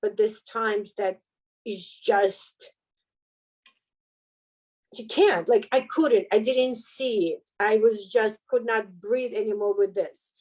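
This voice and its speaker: A woman's voice: medium pitch, takes it slowly, darkish tone, low-quality recording. A middle-aged woman sharing a personal story as an interview guest, speaking candidly and expressively, with laughter breaking into hard moments. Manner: earnest, heartfelt. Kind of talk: emotional personal testimony.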